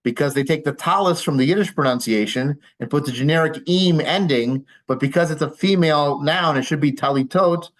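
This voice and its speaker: A man's voice: on the high side, fairly quick, few pauses, poor audio. Guy rabbi teaching a room of people, easygoing explainer, lots of uhs, little dry jokes. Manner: patient, explanatory, dry humor, frequent fillers. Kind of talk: informal lecture with audience questions. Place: congregation classroom with a live audience.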